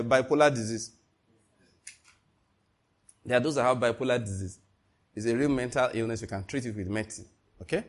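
His sermon is lively and forceful, built on a string of rhetorical questions aimed at the congregation. The man's voice is husky and sits at a medium pitch.

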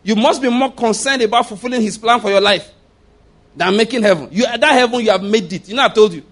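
A middle-aged male pastor preaching a sermon in an emphatic, animated way, often repeating his phrases. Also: sits high, fast.

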